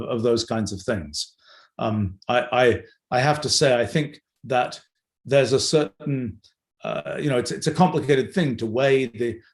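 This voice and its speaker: An older man hosting an unscripted livestream Q&A, thinking aloud with many fillers and restarts. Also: mid-range voice. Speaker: host answering audience questions. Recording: roomy echo.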